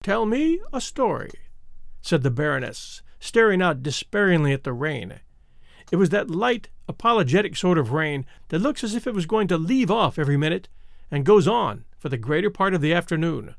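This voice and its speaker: A man narrating classic short stories aloud in a measured, expressive reading with deliberate pauses. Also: a little high, gravelly, no room sound, clean studio sound. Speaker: audiobook narrator.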